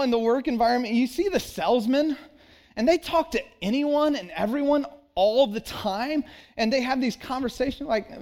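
Man, fairly high voice, sermon delivery, earnest and conversational, playful asides. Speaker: pastor.

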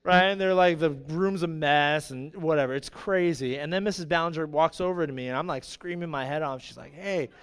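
A young man preaching a sermon, telling a personal story in an animated way with many asides. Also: a little high, brisk, few pauses, clean tone, long reverb tail.

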